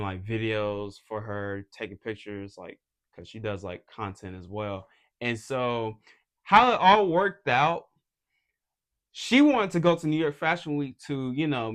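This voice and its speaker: A man's voice: medium pitch, fairly bright tone. A young man from Atlanta, an unsigned model, chatting casually to camera in a loose, slangy, rambling way. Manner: laid-back slangy rambling, full of "you feel me". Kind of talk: casual vlog chat.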